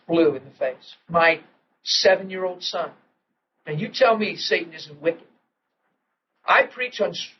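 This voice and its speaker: A middle-aged male preacher telling a personal story in a sermon, acting out what people said and dropping to a hush at tense moments. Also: high-pitched. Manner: storytelling, acts out quotes with sudden hushed drops. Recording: dull lo-fi old recording with faint hiss.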